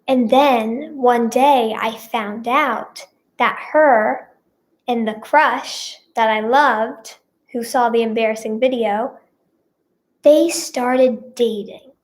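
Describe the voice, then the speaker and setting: A teenage girl with a high, youthful voice chats to her viewers in a slow, meandering way. She fills every pause with "like", "um" and "yeah" as the story drifts along. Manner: rambling, heavy with "like" and "yeah" fillers. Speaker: vlogger and singer. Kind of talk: casual storytime chat to camera.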